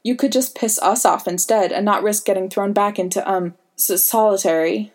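A woman's voice: mid-range voice, normal speed, a little mellow, distant mic, close to an everyday voice. A woman voicing an eager, earnest teenage boy who is stubborn and insistent. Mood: skeptical.

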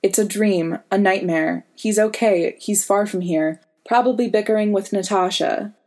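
A woman reading the part of a sleepy, dry-witted young woman who talks calmly. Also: medium pitch, moderate pace, natural voice. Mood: soothing. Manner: dry, calm.

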